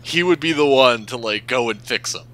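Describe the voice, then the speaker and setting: A man's voice: mid-range voice, normal speed, fairly bright tone, low-quality recording. A young man co-hosting a podcast, chatting in a playful, giggly way. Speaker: podcast co-host. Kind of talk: casual chat.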